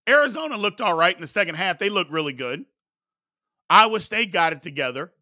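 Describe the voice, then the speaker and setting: A man's voice: sits high, sharp tone. A man from the Louisville area hosting a live sports talk show, answering chat questions and repeating his points for emphasis. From Louisville, Kentucky area.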